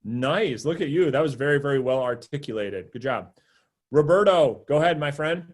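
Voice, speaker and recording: A man's voice: medium pitch, animated. Upbeat male coach on a video call. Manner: upbeat, quick praise and cues. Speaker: sales coach. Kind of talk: live group coaching call.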